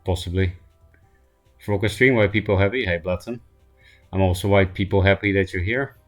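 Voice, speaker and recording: Hoarse low-voiced man streaming a card game. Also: moderate pace, faint music behind. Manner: self-mocking, thinking aloud, frequent throat clearing. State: hoarse from laughing. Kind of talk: casual gameplay commentary.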